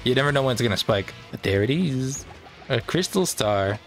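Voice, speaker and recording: A man casually commenting on his own gameplay, joking and excitable, correcting himself as he goes. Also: mid-range voice, moderate pace, faint music behind. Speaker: let's play gamer.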